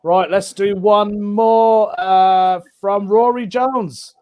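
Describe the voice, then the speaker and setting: A man's voice: high voice, fairly even intonation, drawn-out words, dark tone. A man reading out listener jokes on a comedy show, giggly and chatty.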